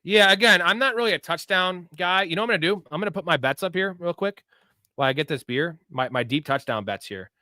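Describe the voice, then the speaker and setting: A man's voice: sits high, lively intonation, quick pace, pushed and bright, dry recording, clean studio sound. Hyped, profane young man hosting a livestream. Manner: loose, profane, hyped-up bro talk. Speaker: host of a live sports betting and fantasy show. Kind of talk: casual livestream chat answering viewer questions.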